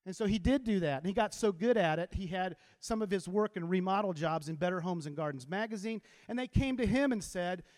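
High-voiced man speaking in a hall. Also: a little fast, few pauses. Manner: animated storyteller who gets the crowd to repeat lines. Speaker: teacher giving a motivational talk. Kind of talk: inspirational talk to a live audience. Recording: long hall reverb.

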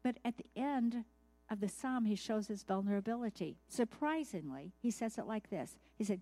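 A woman's voice: medium pitch, animated, moderate pace, warm tone. A woman teaching a devotional sermon in a conversational way, often asking her listeners questions. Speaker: Bible teacher.

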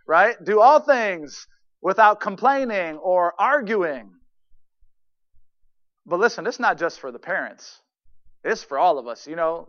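A male pastor preaching a sermon to his congregation, emphatic, swinging from loud declarations to quiet murmurs. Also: fairly high pitch, muffled recording. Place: church sanctuary.

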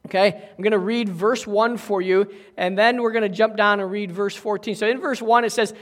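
High-voiced pastor in an echoey hall. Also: male voice, steady tone, a little fast, fairly bright tone. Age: middle-aged. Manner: folksy, chatty, many ums and okays. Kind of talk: sermon. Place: church sanctuary.

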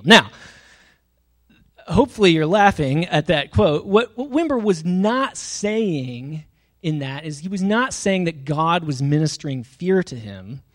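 A young adult man preaching a sermon in a casual, conversational way, often using fillers and reading scripture passages aloud. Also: fairly high pitch. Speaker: pastor.

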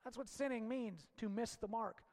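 A man preaches with a high voice and fiery conviction, rising to shouts and dropping to near-hushed lines. His words ring out with a long hall reverb around them. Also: moderate pace. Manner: impassioned, swings from loud shouts to hushed low lines. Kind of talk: sermon.

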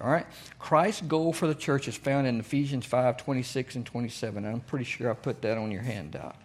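A man's voice: mid-range voice, vocal fry, darkish tone. A man, a pastor teaching a sermon in a conversational way and often asking the congregation questions.

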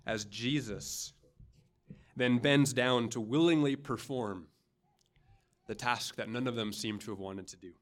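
A man preaching a sermon as pastor, earnest and dramatic, pausing often and checking in with the congregation with a quick "right?". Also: mid-range voice. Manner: earnest, dramatic, with pauses and rising emphasis; frequent "right?" asides to the congregation.

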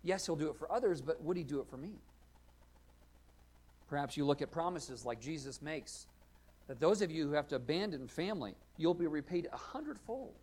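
A man preaching a sermon, earnest and questioning, rising and falling in loudness to stress his points. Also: a little high, expressive, brisk. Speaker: pastor.

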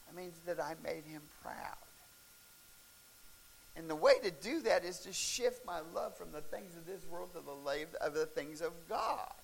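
Lively high-voiced male preacher. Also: vocal fry. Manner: animated, shouts and laughs at the peaks of stories. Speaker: pastor. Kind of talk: sermon storytelling. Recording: faint hiss.

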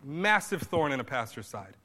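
A man's voice: mid-range voice, sing-song, moderate pace, bright, forceful tone, in a large hall, slight background noise. A man pastor preaching a sermon in a conversational style, rising now and then to emphatic bursts.

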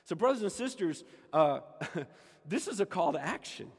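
A man's voice: high voice, very animated, normal speed, husky. A man preaching a sermon as pastor, emphatic and repeating his key lines for the congregation. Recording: echoey hall with long reverb.

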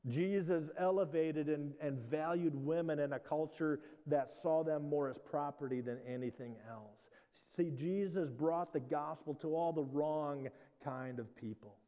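A male pastor from the Midwest preaches in a relaxed, conversational way, often restarting his phrases. His voice is dark and mellow, and a long reverb trails each line in the church hall. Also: on the high side, unhurried, hardly any pauses, lo-fi sound. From Midwestern United States. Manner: conversational, with frequent restarts and "you know". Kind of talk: sermon.

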